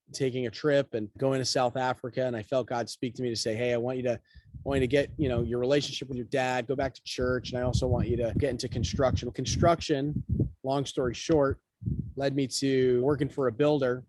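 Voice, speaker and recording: A man's voice: medium pitch, little pitch movement, a little fast, darkish tone, dry recording. A man being interviewed as a guest, telling his story casually and acting out the quotes of people in it. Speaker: guest, real estate broker.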